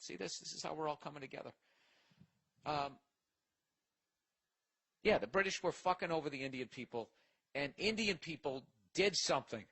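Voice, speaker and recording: Profane, rambling man with a bright voice. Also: on the high side, poor audio. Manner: profane, rambling, reads listener mail aloud. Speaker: podcast host. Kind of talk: casual comedic podcast rant.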